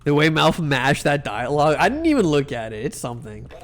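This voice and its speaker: A man's voice: on the high side, big pitch swings, fairly quick, faint music behind. A young man, a VTuber, chatting casually while streaming a game, rambling through jokey stories with lots of restarts and swearing. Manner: rambling, self-interrupting, joking and profane. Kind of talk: casual live-stream chat while gaming.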